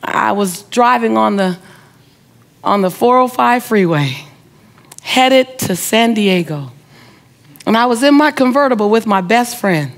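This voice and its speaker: A woman's voice: fairly high pitch, expressive, unhurried, vocal fry, long pauses. A middle-aged woman telling a story during a motivational talk. She acts out the other people's voices and asks the audience question after question. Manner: audience-directed, repeated rhetorical questions. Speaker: motivational speaker. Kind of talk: inspirational speech.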